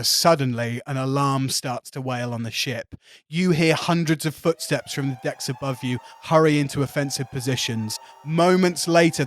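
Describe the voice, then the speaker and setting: A man with an English accent narrating as game master, describing the scene with lively detail and frequent laughs. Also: on the high side.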